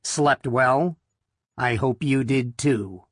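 A man's voice: mid-range voice, dry recording, studio quality. A man reading a story aloud, voicing a grouchy, disheveled man who muses to himself. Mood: musing. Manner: musing, unhurried.

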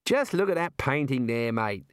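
A man's voice: mid-range voice, sing-song, moderate pace, clean tone, no echo, studio quality, natural voice. A man voicing a wily, chummy male talking kangaroo, coaxing and knowing in manner.

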